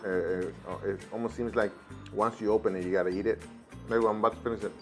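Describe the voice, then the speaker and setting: A man's voice: lowish voice, quick pace, faint music behind. A man doing a casual food taste test on camera, thinking aloud between bites. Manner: relaxed, thinking aloud while chewing; switches between English and Spanish with a child. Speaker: food reviewer.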